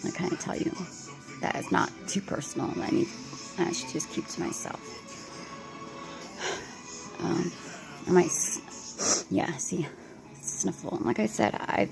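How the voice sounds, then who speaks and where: A woman talking to her camera at home in a rambling late-night vlog, tired and anxious, halting and restarting often with many fillers. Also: lowish voice, gravelly, poor audio. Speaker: vlogger.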